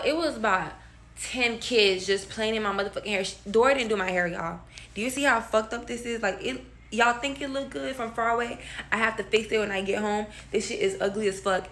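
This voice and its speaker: Profane, animated storytelling woman. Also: medium pitch. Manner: animated, profane, addresses listeners as y'all. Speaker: storyteller in a clip.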